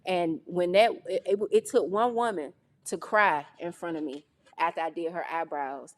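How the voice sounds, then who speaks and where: A woman from North Carolina, a guest in a casual interview, telling her story with lively, acted-out quotes. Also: lowish voice, moderate pace. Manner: animated, acts out quoted voices. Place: studio on location.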